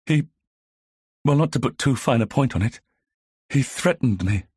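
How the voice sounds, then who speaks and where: A man narrates an audiobook, raising his pitch above his natural voice to play a nervous, frightened young woman, a village heiress who speaks hesitantly in a breathy half-whisper. His medium-pitched voice is expressive and a little mellow at a normal pace. The recording is clean studio sound with no room sound.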